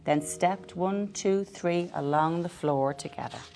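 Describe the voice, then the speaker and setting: A woman reading a picture book aloud to a child, in lively, clear storytelling. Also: lowish voice, measured pace.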